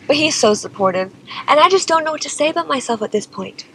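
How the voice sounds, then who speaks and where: A woman's voice: high-pitched, animated, quick pace, a bit bright, a little hiss or hum, low-quality recording. A young woman singer telling a personal story in a dramatic, exasperated way, often saying "like" and "okay?". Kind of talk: confessional storytelling vlog.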